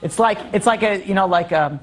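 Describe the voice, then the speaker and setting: A man in the role of a rabbi teaching a class, talking quickly with hardly a pause between thoughts. He fires off rhetorical questions to his listeners and drops in joking asides as he goes. The delivery is animated and conversational rather than formal. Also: high voice. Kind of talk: Torah class lecture.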